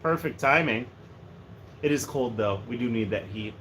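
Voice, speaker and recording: Animated, rambling male streamer. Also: medium pitch, normal speed. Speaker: livestreamer. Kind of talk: casual livestream chat. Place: room at home. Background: faint heater hum.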